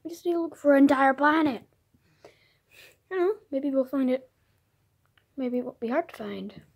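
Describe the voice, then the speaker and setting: A woman narrating a toy adventure, soft-spoken and musing as she moves the characters along. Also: sits high, normal speed. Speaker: toy video storyteller.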